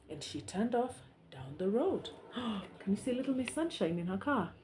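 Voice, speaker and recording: A woman reading a story aloud to young children, soft and hushed, pausing to ask the listeners questions. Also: mid-range voice, big pitch swings, a little hiss or hum.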